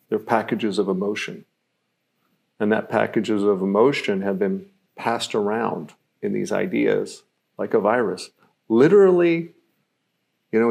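Guy with a gravelly voice doing a live teaching stream, thoughtful, lots of ums. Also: on the low side, a little mellow. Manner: reflective, explains through everyday examples with frequent fillers. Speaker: self-mastery teacher.

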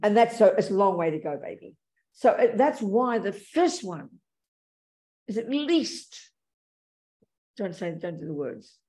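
A woman's voice: mid-range voice, very animated, unhurried, pauses often, dark tone. A woman Buddhist teacher giving a dharma talk and answering audience questions, speaking frankly and calling people darling and sweetie.

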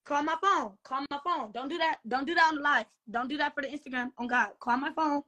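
A woman's voice: sits high, quick pace, bright, forceful tone. A young woman ranting on a livestream, profane and defensive, repeating herself. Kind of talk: heated livestream rant.

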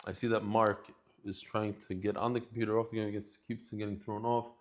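This daily Talmud teacher has a lowish, level voice and a brisk pace. His lesson intro is casual and emotional, coming from the heart, and he keeps starting his thoughts over.

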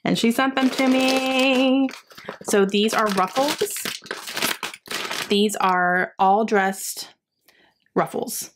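A young adult woman in casual, excited chat as she unwraps gifts for her book vlog. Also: a little high, slow pace, pauses often, background noise. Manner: excited and chatty, gasping and laughing often. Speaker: book vlogger.

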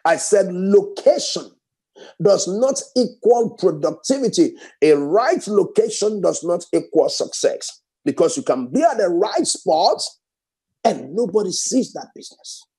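A man preaching a sermon fervently, repeating phrases and swinging from raised exclamations to hushed prayer. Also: high voice, very animated, unhurried, husky.

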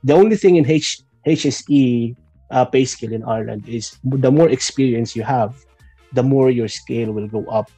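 Filipino guy nurse chatting, mellow dry voice, lots of ums and restarts, soft music behind. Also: mid-range voice, normal speed, slightly rough, no echo. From Philippines. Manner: chatty, mixes in Tagalog, frequent fillers and restarts. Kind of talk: casual interview talk.

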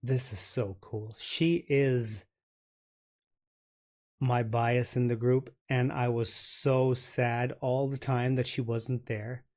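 A man hosting a reaction video, gushing and halting as he comments, often repeating his words. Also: mid-range voice, level tone, a little mellow.

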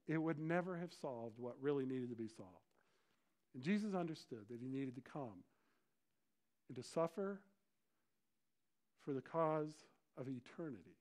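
A middle-aged male pastor preaching a sermon in an animated way, often acting out the voices of crowds and disciples. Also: a little high.

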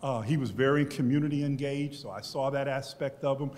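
A man's voice: mid-range voice, fairly even intonation, brisk, darkish tone. A man in his sixties from Texas, telling personal stories on a history panel in a reflective, conversational way, often restarting his sentences. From Beaumont, Texas, US. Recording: long hall reverb.

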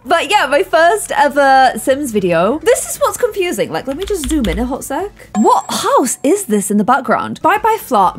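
A young woman with a Yorkshire accent, reacting to her old videos in an animated, self-mocking, exclamatory way. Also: fairly high pitch. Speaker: YouTuber host.

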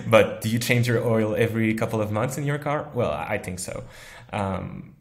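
Low-pitched male engineer guest, reflective and good-humored, casual interview talk. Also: animated, normal speed, creaky. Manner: thoughtful, laughs easily, uses analogies.

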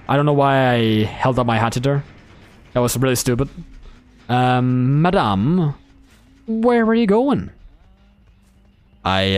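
A young man narrating his own gameplay live with a very animated voice that leaps up and down. He gets excited easily, laughs often and swears freely, chatting straight at the players he chases. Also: mid-range voice. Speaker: gameplay commentator.

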